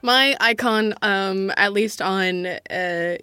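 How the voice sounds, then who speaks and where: A woman's voice: mid-range voice, takes it slowly, pushed and bright, clean tone. A woman voice actor chatting casually and emphatically on a podcast. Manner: chatty, emphatic, laughs often. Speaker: voice actor guest. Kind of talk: casual chat.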